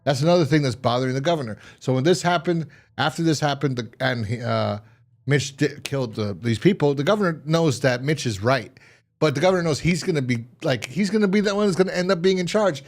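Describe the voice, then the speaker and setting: A man's voice: on the high side, brisk. A man giving a casual, rambling recap of a TV episode, full of fillers and restarts. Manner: rambling, filler-heavy retelling. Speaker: TV episode reviewer.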